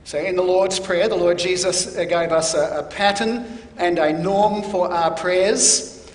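A man preaching a sermon in a measured, deliberate teaching manner, stressing key words. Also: high voice, steady tone. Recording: echoey hall.

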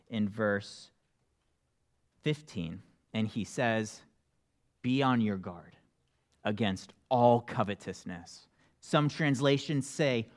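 A man's voice: medium pitch, fairly bright tone. A man, a pastor, giving a sermon in a conversational way, reading scripture and explaining it with fillers and restarts.

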